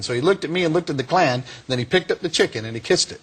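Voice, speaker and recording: A man, a guest in an interview who tells a lively story and often laughs. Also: fairly high pitch, fast, very noisy. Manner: laughing, lively anecdote telling. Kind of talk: animated storytelling.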